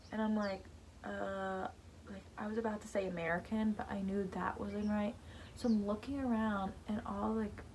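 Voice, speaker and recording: A woman's voice: mid-range voice, a little mellow, a little hiss or hum. A teenage girl vlogging, chatting casually about her embarrassing moments with lots of "like" and rambling asides. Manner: chatty, rambling, heavy use of "like". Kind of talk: casual storytelling to camera.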